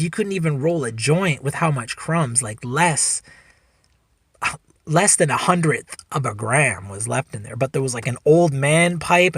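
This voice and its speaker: Gravelly-voiced comedian telling a rambling story. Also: male voice, a little high, no room sound, studio quality. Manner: rambling, profane, animated. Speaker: podcast host, stand-up comedian. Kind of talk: casual storytelling.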